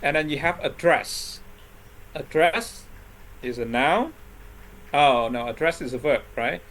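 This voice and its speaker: A man with a voice on the high side and a fairly bright tone teaches an English lesson on word stress at a slow pace. He is patient, constantly checking in with the class with "right?" and "okay?" after each point.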